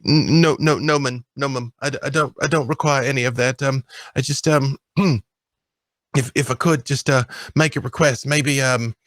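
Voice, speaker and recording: A man's voice: medium pitch, fairly even intonation, moderate pace, fairly bright tone, no echo, pitched above the performer's own voice, close to an everyday voice. A man voicing a nervous young boy who stammers and hesitates politely. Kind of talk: tabletop role-play voicing.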